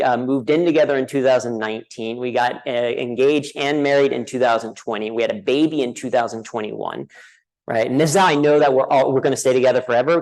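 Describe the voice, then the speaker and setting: A man's voice: medium pitch, low-quality recording. An American man giving a humorous keynote speech at a conference, telling a self-deprecating story to the audience and asking "right?" often. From United States. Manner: addresses a live audience directly. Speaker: conference speaker. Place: conference hall.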